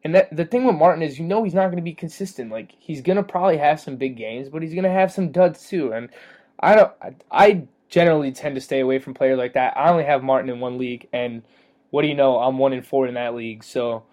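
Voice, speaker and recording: A man co-hosting a fantasy football podcast, chatting casually, rambling with fillers and quick to joke and laugh. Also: medium pitch, darkish tone. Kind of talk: casual sports chat.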